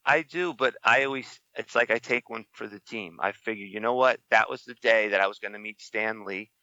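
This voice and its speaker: A man's voice: lowish voice, brisk, pushed and bright, dry recording, muffled recording. A middle-aged man chatting as a podcast co-host, telling stories about himself in a wry, self-deprecating way. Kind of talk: casual chat.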